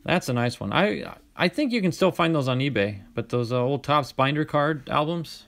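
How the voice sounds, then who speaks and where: Host voice: chatty man, a bit high, reads card names aloud, gets excited at big pulls. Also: normal speed, creaky. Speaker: card-collecting channel host. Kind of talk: casual card-opening commentary.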